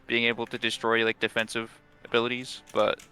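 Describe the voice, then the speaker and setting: A man's voice: medium pitch, completely flat delivery, a little fast, bright, forceful tone, clear, resonant tone. A man playing a tabletop game, thinking aloud and weighing options with restarts. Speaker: player. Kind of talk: casual tabletop game chat.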